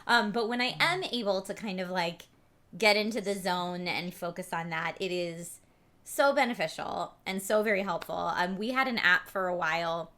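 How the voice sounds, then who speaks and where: A woman's voice: fairly low pitch, moderate pace, fairly bright tone. A woman co-hosting a casual chat, talking frankly and with self-deprecating humor. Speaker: co-host.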